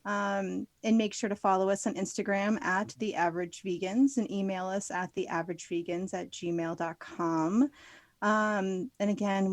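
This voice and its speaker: A woman's voice: mid-range voice, no echo. Chatty, upbeat woman podcast co-host. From Florida, US. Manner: chatty, upbeat, laughs often. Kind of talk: casual chat.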